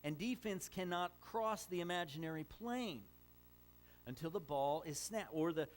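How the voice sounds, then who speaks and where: A man's voice: a little high, expressive, normal speed. A middle-aged man preaching a sermon as a pastor, telling stories conversationally with frequent fillers and restarts.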